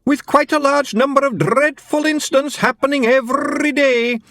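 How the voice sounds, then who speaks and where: A man's voice: very high voice, normal speed, sharp tone, no room sound, studio quality, pitched above the performer's own voice. A man voicing a tiny, theatrical male pixie poet who declaims mournful rhyming verse in a groaning wail. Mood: theatrical lament.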